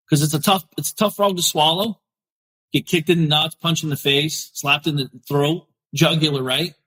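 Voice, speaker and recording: Husky, fired-up man giving blunt advice. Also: fairly high pitch, bright, forceful tone, low-quality recording. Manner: blunt, fired-up, repeats phrases for emphasis. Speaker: podcast host. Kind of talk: motivational live talk, reading viewer comments.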